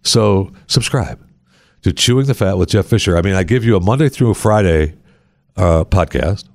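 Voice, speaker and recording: Low-voiced sarcastic man hosting a podcast. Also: animated, moderate pace, dry recording, clean studio sound. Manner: sarcastic, rambling, mock-pleading. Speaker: podcast host. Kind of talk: casual talk show banter.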